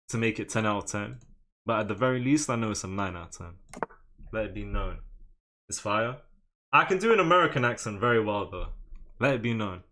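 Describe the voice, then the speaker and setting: A young man streaming chess live, chatting with viewers in a fairly low voice. He jokes, brags and answers chat questions as he plays. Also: pushed and bright. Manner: joking, boastful, reads out chat.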